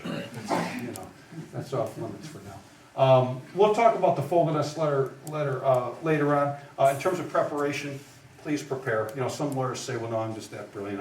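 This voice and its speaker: A trial advocacy instructor with a mid-range voice gives a live lecture to lawyers, conversational and emphatic, regularly checking in with "right?" and "okay?". The sound comes from far off in an echoey room with slight noise.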